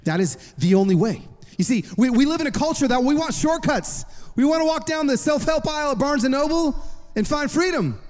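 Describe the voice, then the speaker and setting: High-voiced man preaching in a reverberant hall. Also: a little fast. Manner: animated storytelling, voicing others in quotes. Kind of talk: sermon. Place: large hall with an audience.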